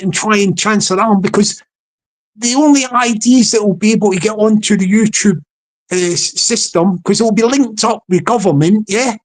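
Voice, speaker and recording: A woman hosts a casual livestream in a fairly high voice. She rambles and repeats herself, chuckling often and speaking straight to her chat viewers. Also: a little mellow. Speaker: livestream host.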